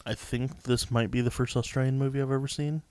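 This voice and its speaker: A man co-hosting a podcast in casual chat, tossing off dry, deadpan quips. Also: medium pitch, fairly quick, clear, resonant tone, no echo. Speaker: podcast co-host.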